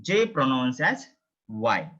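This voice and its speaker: A man's voice: mid-range voice, wildly swooping pitch, takes it slowly, bright, forceful tone. A man teaching a beginner language lesson, repeating each word several times. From India. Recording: dull, lo-fi sound.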